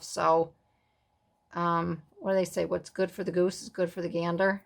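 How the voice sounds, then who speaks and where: A woman's voice: lowish voice, level tone, normal speed, gravelly. A middle-aged woman hosting a casual crafting tutorial, chatting in rambling, self-amused asides as she works. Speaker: craft video host.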